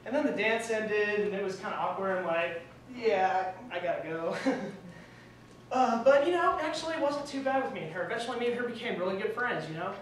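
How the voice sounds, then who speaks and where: A man's voice: sits high, expressive, quick pace, fairly bright tone, a little hiss or hum. A young man in his late teens doing stand-up comedy, telling awkward, self-deprecating stories. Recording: echoey room recorded from far off, faint ambience.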